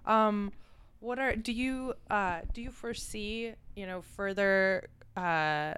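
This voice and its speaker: Croaky-voiced woman podcast host. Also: mid-range voice, takes it slowly, a bit bright. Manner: friendly, hesitant questions with fillers. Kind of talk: casual podcast interview.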